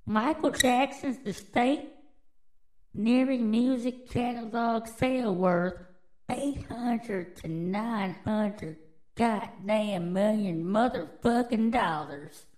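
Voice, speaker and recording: A woman hosts her own podcast, reading news headlines and riffing on them. She talks slowly in a fairly high voice. Her delivery is brash, drawling and full of swearing. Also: a little mellow, low-quality recording. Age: adult, with children. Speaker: podcast host. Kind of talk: casual news commentary.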